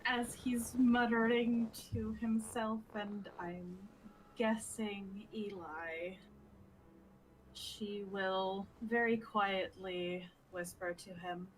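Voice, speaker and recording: Woman player, slow and wry, faint background noise. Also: medium pitch, steady tone, poor audio. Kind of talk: casual tabletop play.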